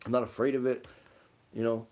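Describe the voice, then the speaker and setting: A young man co-hosts a livestream, reading viewer comments and spinning rambling stories packed with "like." His mid-range voice is darkish and level in tone, and he talks a bit fast.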